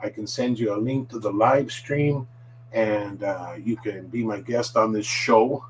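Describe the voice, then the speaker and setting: A man's voice: on the low side, fairly even intonation, a little slow. A man giving a casual live-stream language lesson, chatty and full of fillers. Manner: rambling, filler-heavy, chatty. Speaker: Japanese language teacher. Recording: distant mic with faint hum.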